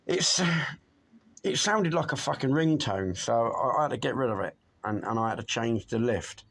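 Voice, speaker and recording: A man talks in a loose, rambling vlog chat. His voice is gravelly, with a middling pitch. He swears often and chuckles between thoughts. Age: 50s.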